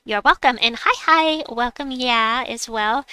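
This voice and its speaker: Bright, playful woman streamer. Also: a little high, measured pace, hardly any pauses, clear, resonant tone, no room sound. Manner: chatty and playful, with laughs, scat sounds and silly noises. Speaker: livestream host. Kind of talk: casual gaming stream chat.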